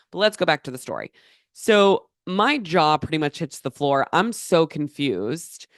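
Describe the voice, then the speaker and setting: A woman's voice: sits low, lively intonation, measured pace, no echo, clean studio sound. A young woman hosting a podcast, telling a story in a chatty, casual way, full of filler words and swearing. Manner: chatty, swears freely, many filler likes. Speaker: podcast host.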